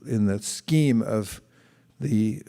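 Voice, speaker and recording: A man with a low, mellow voice gives a relaxed, conversational sermon, stopping to read scripture aloud and reflect on it. His voice rings out with a long reverb, as if in a large hall. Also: extremely slow, gravelly. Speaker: speaker giving a scripture class.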